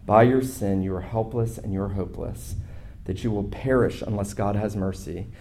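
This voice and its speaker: A man pastor preaching a sermon, speaking in rhythmic repeated lists and building from quiet to loud, emphatic passages. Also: lowish voice, moderate pace, slight background noise.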